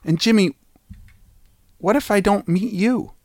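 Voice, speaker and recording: A man co-hosting a podcast in a casual, playful chat, theatrical and quick to laugh. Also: sits high, darkish tone, dry recording, clean studio sound. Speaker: podcast co-host.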